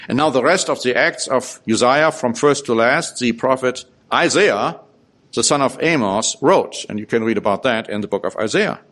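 A man's voice: mid-range voice, moderate pace, fairly bright tone. A man preaching a sermon, reading scripture aloud and stressing points with rhetorical questions. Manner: emphatic, asks rhetorical questions.

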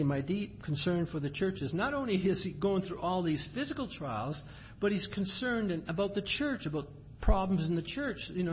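In a dull, lo-fi recording with faint background ambience, a man with a somewhat high voice preaches. He moves from measured scripture reading into plain, everyday explanation.

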